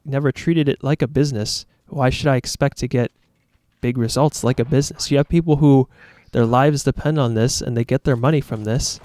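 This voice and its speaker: A man's voice: mid-range voice, steady tone, fairly quick, darkish tone, dry recording. A man talking to his viewers as a YouTuber in a casual, reflective monologue, earnest, rambling and self-critical.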